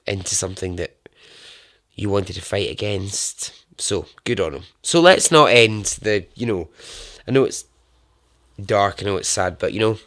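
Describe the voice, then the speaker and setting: A man's voice: sits low, a bit bright. A man hosting a podcast, signing off in a loose, chatty ramble with some swearing. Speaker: podcast host. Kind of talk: casual rambling sign-off.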